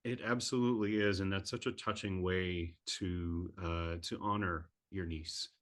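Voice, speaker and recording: A man's voice: low voice, steady tone, a little slow, fairly bright tone. A man interviewing an actress and asking attentive questions. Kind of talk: interview conversation.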